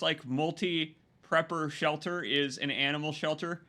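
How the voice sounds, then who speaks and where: Bright-voiced, jokey gaming streamer. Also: male voice, medium pitch, moderate pace. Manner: jokey, excitable, talks to chat and to the game. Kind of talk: live gameplay commentary.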